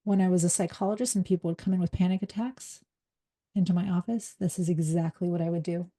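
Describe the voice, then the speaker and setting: A middle-aged woman, a leadership coach and former psychologist, giving a live workshop talk in a fast, direct, energetic way. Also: lowish voice.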